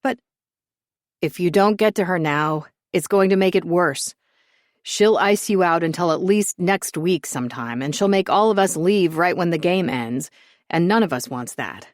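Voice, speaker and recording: A cocky young man , as a woman reading a story puts him on, teases and bosses in a breezy, joking way. The voice stays low and everyday. It is recorded close and dry. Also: animated, normal speed, no echo, lightly acted. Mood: teasing. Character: cocky, teasing young man who loves attention.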